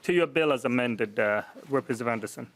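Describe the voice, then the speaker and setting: A man's voice: medium pitch, fast, fairly bright tone, a little hiss or hum. Man chairing a committee hearing. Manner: formal, procedural.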